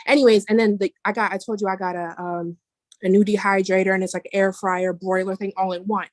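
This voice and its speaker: A woman of middle pitch tells a personal testimony on a video call. She rambles, restarts her sentences, and drifts into asides. Her voice comes across dry and close. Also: flat delivery, a little fast, no echo. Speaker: meeting member sharing a testimony. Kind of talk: casual testimony.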